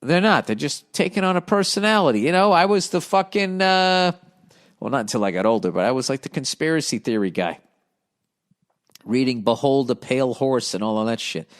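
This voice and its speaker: Podcast guy ranting, swears a lot, sarcastic, kinda rambly, normal pitch. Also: animated, brisk. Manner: blunt, profane, sardonic; rambling, thinks aloud mid-sentence. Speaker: podcast host. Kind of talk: casual comedic rant.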